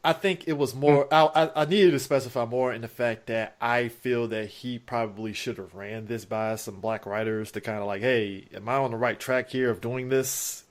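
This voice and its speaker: A man co-hosting a casual movie review podcast, excitable and profane, sometimes trailing off into quiet mutters. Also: medium pitch, moderate pace, hardly any pauses. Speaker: podcast co-host.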